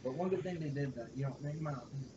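Fast-talking man in an echoey room. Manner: fast, emphatic, swears a lot. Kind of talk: casual chat. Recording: echoey room, muffled, low rumble.

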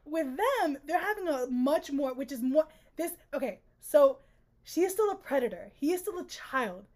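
A woman co-hosting a casual book-discussion podcast, animated and laughing as she acts out quotes from the book. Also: high voice, moderate pace. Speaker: podcast co-host.

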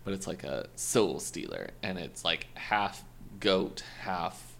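A man's voice: deep voice, slow, vocal fry, fairly bright tone, slight background noise. A man co-hosting a casual podcast, playful and teasing, swearing in fun. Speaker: podcast co-host.

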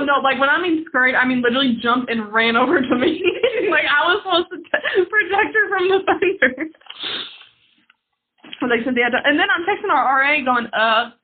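High-voiced young woman telling a lively story. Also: moderate pace. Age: young adult. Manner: animated storyteller, laughs often, acts out quoted friends. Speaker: podcast co-host. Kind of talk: casual chat. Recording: tinny phone-like sound.

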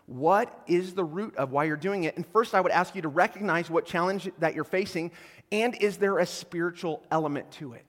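A male pastor delivers a sermon in a high voice, animated and playful, acting out quoted voices and swinging from hushed lines to loud bursts. His voice rings out with a long reverb, as in a large church hall. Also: brisk. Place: church auditorium.

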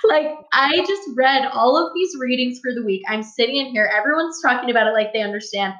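A woman's voice: a little high, fairly quick, fairly bright tone. Earnest young woman in a roomy room. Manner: earnest, open storytelling with a reflective tone. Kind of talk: casual conversational podcast chat. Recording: roomy, slightly dull sound.

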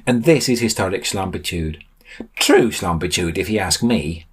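A man's voice: low voice, expressive, slightly rough. A man voicing a pompous, self-assured young man who declaims grandly. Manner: grand, declaiming, ominous pauses.

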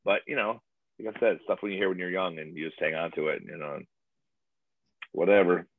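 Deep-voiced man on a tinny phone line. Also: a little fast, no room sound. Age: late 40s. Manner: rambling, profane, excitable. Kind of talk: casual chat.

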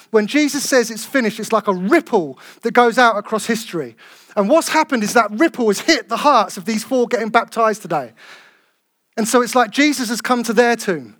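High-voiced preacher in church. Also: male voice, no echo, clean studio sound. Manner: passionate, builds to loud calls then drops soft. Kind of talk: sermon.

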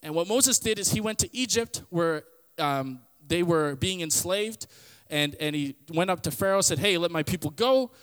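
A man with a notably high voice hosts a relaxed Bible teaching podcast. He tells stories and retells scripture in loose everyday slang, and his voice trails off into a long reverb tail. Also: normal speed, smooth. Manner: conversational, storytelling, paraphrases scripture in everyday slang.

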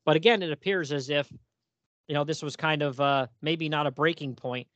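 Male host, casual chat, walks through comic pages reading lines aloud, a bit higher-pitched. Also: normal speed, fairly bright tone, no room sound, lo-fi sound. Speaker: podcast host. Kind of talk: casual podcast discussion.

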